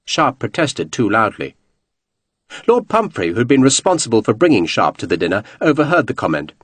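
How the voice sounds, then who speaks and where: Expressive male audiobook narrator. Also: mid-range voice, fairly quick, slightly rough, no echo.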